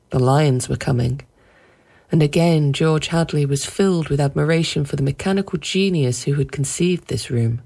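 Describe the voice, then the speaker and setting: A woman reads a story aloud with a deep, low voice. She tells it in a measured way that lingers on vivid detail. Her delivery stays steady and unhurried through long, flowing sentences. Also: creaky. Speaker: narrator. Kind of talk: audiobook narration.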